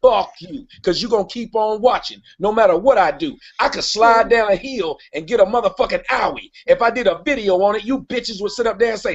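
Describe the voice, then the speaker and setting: Brash high-voiced man ranting. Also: normal speed, creaky, hardly any pauses, slightly rough. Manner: brash, mocking, confrontational. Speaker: live stream host. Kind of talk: profane live-stream rant. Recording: lo-fi stream audio.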